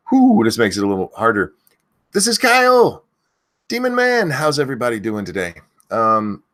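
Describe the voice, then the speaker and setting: A man with a low voice hosts a live stream and talks loosely, with lots of swearing. His pitch swings widely, and he rambles from one thing to the next before breaking off to shout out viewers' names. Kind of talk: casual live-stream rant.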